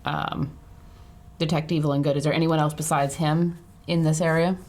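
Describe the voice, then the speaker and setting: A woman's voice: low voice, little pitch movement, normal speed, a little mellow. A woman playing a tabletop game, moving between urgent in-character lines and plain talk. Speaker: player.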